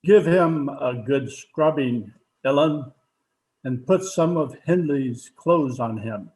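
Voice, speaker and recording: A man's voice: mid-range voice, slow pace, soft background music, close to an everyday voice, poor audio. A man playing a kind, fatherly estate master. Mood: reassuring. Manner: gentle, reassuring. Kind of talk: 1930s-style radio drama acting.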